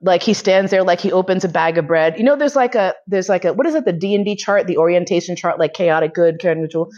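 A woman's voice: fairly low pitch, fast, darkish tone. A woman giving a casual, profane, often laughing storytelling talk. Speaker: lecturer. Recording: dull lo-fi recording.

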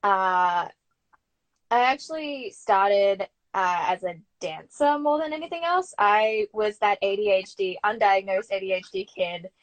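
A young Australian woman, an actor, telling her story in a chatty, animated way as an interview guest. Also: mid-range voice, unhurried. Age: young adult. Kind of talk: casual interview chat.

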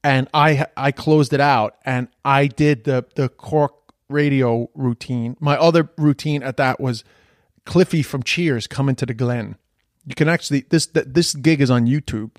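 A middle-aged Irish man telling stories at a medium pitch, rambling from one memory to the next. He keeps correcting himself and swears casually. The sound is dry and close, with no room around it. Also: measured pace, no room sound. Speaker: comedian. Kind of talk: casual storytelling.

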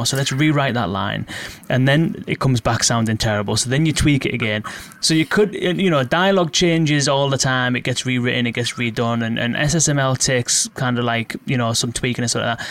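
A man's voice: medium pitch, a bit bright. Male host, casual and rambling, mid-range voice. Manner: rambling, restarts with many fillers. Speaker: podcast host. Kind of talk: casual interview questions.

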